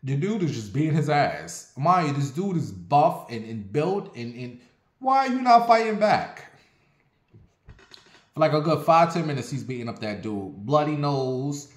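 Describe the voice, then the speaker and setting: A man casually telling a personal story on his vlog, animated and profane, with sassy asides. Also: mid-range voice, normal speed, hardly any pauses, reverberant.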